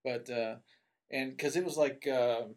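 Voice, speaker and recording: A man's voice: medium pitch, steady tone, unhurried, a little mellow. Rambling man telling a story. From Tennessee. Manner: rambling, with many asides and fillers. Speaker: guest telling a personal story. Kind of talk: casual storytelling.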